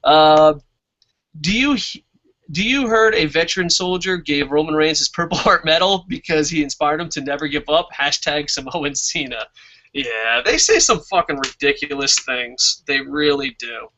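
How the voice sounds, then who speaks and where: A man's voice: a little high, moderate pace, bright, forceful tone, highs cut off. A man hosting a casual wrestling review stream, reading viewer comments aloud, swearing freely and laughing at his own jokes. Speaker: wrestling show host.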